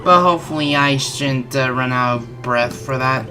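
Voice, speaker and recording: A gaming channel host with a low voice and a bright, forceful edge does let's-play commentary at a moderate pace as she plays. Stuffy and slightly congested, she rambles and keeps correcting herself, with faint game music underneath.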